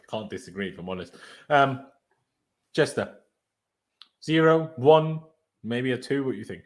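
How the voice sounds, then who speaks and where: A man hosting a casual fan chat over a video call, laid-back and trailing off softly at the ends of his sentences. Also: medium pitch, measured pace, long pauses. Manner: relaxed, laid-back, often trails off quietly. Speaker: podcast host leading player ratings.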